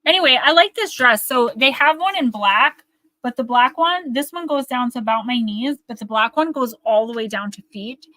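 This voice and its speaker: A woman's voice: fairly high pitch, moderate pace, bright, forceful tone, no echo. A woman with a Northern New Jersey accent, chatting and rambling to her viewers as she hosts a live oracle card reading.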